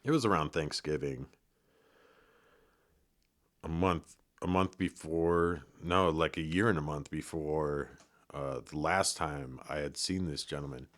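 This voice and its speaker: A middle-aged man from Colorado with an extremely deep, low voice. He tells his story casually as a podcast guest, rambling along with fillers and restarts. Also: a little slow, pauses often, fairly bright tone.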